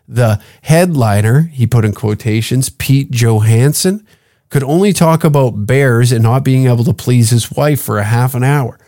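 A man's voice: mid-range voice, warm tone, no room sound, studio quality. A man hosting a comedy podcast, brash and profane, joking in a mock-therapeutic tone. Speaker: podcast host. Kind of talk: casual comedy podcast rant.

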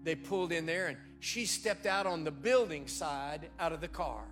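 A man's voice: on the high side, expressive, moderate pace, fairly bright tone, soft background music. A man preaching a sermon, telling a story and acting out the quoted voices.

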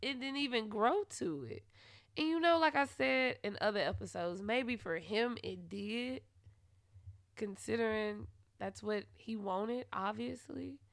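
A woman hosting a podcast, telling a personal story in a blunt, profane way that swings into loud, heated retellings. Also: a little high, unhurried, creaky, dry recording, clean studio sound. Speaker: podcast host. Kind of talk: candid storytelling monologue.

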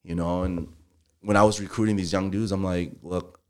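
A man's voice: low-pitched, brisk, clean tone. A man, a contractor, talking casually as a podcast guest, rambling with lots of filler phrases. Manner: relaxed, rambling, heavy use of filler phrases.

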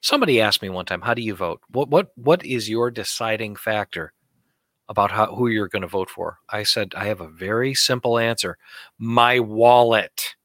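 Blunt, heated male co-host, forceful tone, lowish voice, dry studio sound. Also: expressive, a little fast, no room sound. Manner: blunt, fired-up ranting. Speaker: talk show co-host. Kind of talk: heated political chat.

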